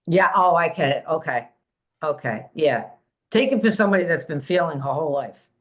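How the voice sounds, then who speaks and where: A woman's voice: low voice, lively intonation, brisk. A woman hosting a spiritual podcast as a psychic medium, talking casually with many fillers and restarts.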